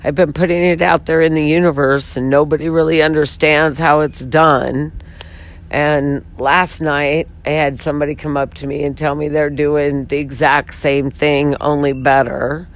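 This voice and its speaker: A woman with a raspy, hoarse voice making an earnest, pleading pitch for her venture to donors and companies. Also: flat delivery, normal speed. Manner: pleading, heartfelt, frustrated. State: hoarse from talking all weekend. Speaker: founder pitching her water advertising venture. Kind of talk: earnest direct-to-camera pitch.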